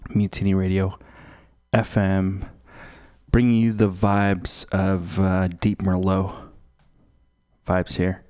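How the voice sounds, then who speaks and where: A man hosting a live community radio show, rambling slowly and swearing freely between music. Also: sits low, a little mellow, smooth. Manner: profane, slow and meandering. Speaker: radio host.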